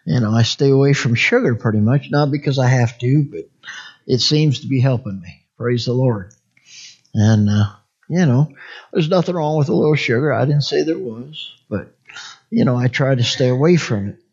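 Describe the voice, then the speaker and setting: A man's voice: medium pitch, moderate pace, a little mellow, slightly rough, lo-fi sound. A man preaching a conversational sermon, rambling and folksy, often asking the congregation for an amen.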